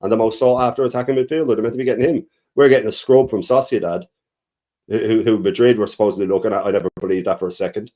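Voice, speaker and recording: A man talking fast and bluntly, stressing his points with the odd swear word. His voice is low and mellow, with a dark tone. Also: steady tone. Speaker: co-host. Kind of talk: fast fan debate.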